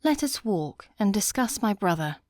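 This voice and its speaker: A woman reading a proud, spirited young noblewoman with a poised, sharp manner, in an audiobook. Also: mid-range voice, very animated, moderate pace, dry recording, clean studio sound, close to an everyday voice.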